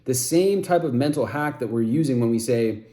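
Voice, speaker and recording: A man's voice: medium pitch, normal speed. Young guy hyped up giving a self-help talk, keeps repeating stuff. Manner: energetic, enthusiastic, repeats phrases. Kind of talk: motivational talk to camera.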